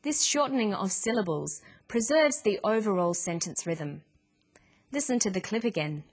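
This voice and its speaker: A woman narrating a scripted English pronunciation lesson in a clear, measured way. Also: medium pitch, animated. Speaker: English teacher.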